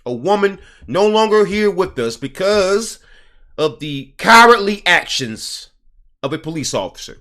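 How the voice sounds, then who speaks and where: A man's voice: sits high, sing-song, unhurried, pushed and bright. A man giving indignant casual commentary, hammering his points with repetition and reading passages aloud from an article.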